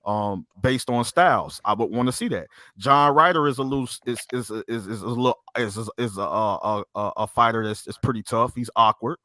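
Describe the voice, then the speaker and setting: A man on a boxing podcast, talking in a halting, repetitive way and arguing his point in a heated casual debate. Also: mid-range voice, bright, forceful tone, dry recording.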